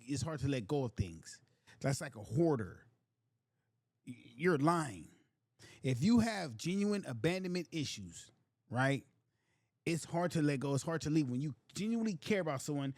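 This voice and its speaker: A man's voice: on the high side, darkish tone, no echo. A man hosting casual commentary, talking emphatically and repeating lines from clips. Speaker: host.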